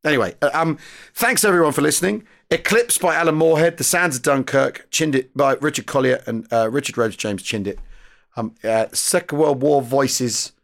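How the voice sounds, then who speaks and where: A man's voice: mid-range voice, moderate pace, vocal fry, fairly bright tone. A man co-hosting a podcast in casual chat, joking around and laughing easily. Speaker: podcast co-host.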